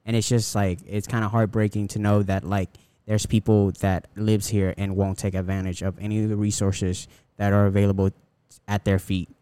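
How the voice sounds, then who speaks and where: A man's voice: on the low side, little pitch movement, moderate pace, mellow, clean tone, no room sound. A young man co-hosting a casual podcast, talking in a rambling, profane way with many restarts. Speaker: podcast co-host.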